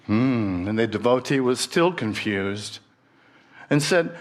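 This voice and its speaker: A man telling a story in a sermon, slow and pausing, voicing the characters as he goes. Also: medium pitch, expressive. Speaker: minister.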